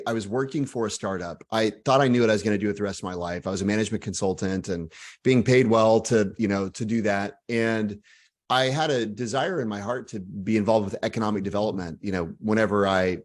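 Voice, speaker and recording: A man in his forties from Texas with a Texan accent, an author answering interview questions in animated, self-deprecating stories. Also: fairly low pitch, a little fast. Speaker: author guest.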